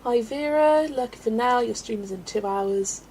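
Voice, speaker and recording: A woman's voice: a little high, normal speed, a little mellow, slight background noise. Chatty woman greeting stream viewers. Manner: chatty, greets viewers by name, laughs often. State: slightly out of breath. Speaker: livestream host. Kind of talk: casual livestream chat.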